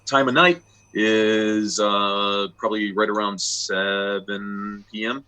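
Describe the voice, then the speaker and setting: Male game master, low and bright-toned, chatty narration with lots of fillers. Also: fairly even intonation, slow pace. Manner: chatty, loose, many fillers and restarts.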